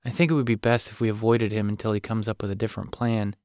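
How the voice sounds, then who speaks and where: A man voicing a weary, protective single father who talks in a gentle, low-key way. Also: flat delivery, fast talker, no room sound, clean studio sound, natural voice. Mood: calm, explaining.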